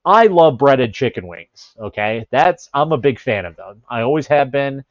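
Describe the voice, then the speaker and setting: A man's voice: mid-range voice, sing-song, normal speed, no echo, muffled recording. A man from the Chicago area hosting a casual livestream, talking in a rambling way with frequent restarts and laughs. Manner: rambling, self-interrupting, laughs often. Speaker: livestream host. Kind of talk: casual chat with chat readers.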